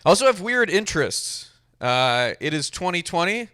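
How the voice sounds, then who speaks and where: A man's voice: high voice, big pitch swings, normal speed, bright, forceful tone. A young man doing a stand-up comedy set with a dry, self-deprecating delivery. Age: young adult.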